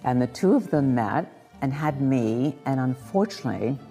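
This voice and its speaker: An older woman with a strikingly low, mellow voice recalls her past in a slow, reflective way, pausing and restarting as she goes. Soft music sits faintly behind her. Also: animated, in a large hall. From Lithuania. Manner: reflective and measured, with pauses and restarts. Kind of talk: personal recollection.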